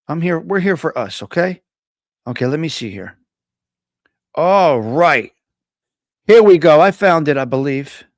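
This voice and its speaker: A man's voice: a little high, animated, a little slow, long pauses, dry recording, studio quality. A man hosting a casual live stream, chatting with viewers, teasing them and reading their comments aloud. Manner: chatty, laughs often, teasing, ad-libs.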